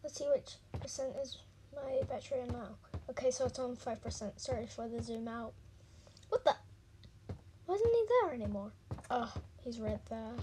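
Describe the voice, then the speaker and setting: A young woman casually reacting out loud to a horror game, jumpy and squealing when startled, muttering asides in between. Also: fairly high pitch, animated, moderate pace, long pauses. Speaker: gaming channel host. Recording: noisy home recording.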